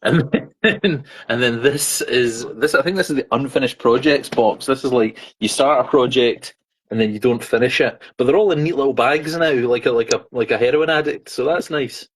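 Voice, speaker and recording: A man's voice: medium pitch, moderate pace, husky. A man joking around and laughing a lot, talking casually on a video call from home. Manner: jokey, laughs often. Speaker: podcast call-in guest.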